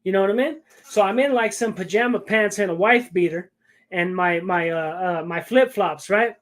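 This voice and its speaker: A man's voice: high-pitched, moderate pace, fairly bright tone. A man telling a long story in casual chat, rambling and stopping often to check in with the listener. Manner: rambling, keeps checking in with "right?".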